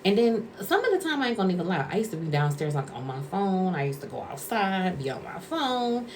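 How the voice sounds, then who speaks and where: In her casual vlog, the woman, once a caregiver, wanders conversationally through a story and performs other people's lines. Her lowish voice swings widely in pitch, moves a little fast, and sounds a little mellow, with a slight hiss or hum underneath.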